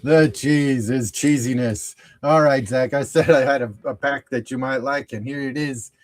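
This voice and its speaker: A man's voice: mid-range voice, fairly even intonation. A middle-aged man hosting a sports card show, chatting casually while opening packs, chuckling often and trailing off into fillers. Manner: chuckles often, easily amused; halting, lots of fillers and restarts. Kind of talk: casual pack-opening chat.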